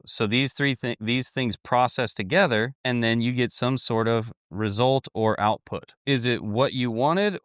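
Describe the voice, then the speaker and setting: A man's voice: mid-range voice, fairly bright tone, clean tone, no echo. Blunt male business coach, folksy, repetitive delivery, dry room. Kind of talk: motivational talk to camera.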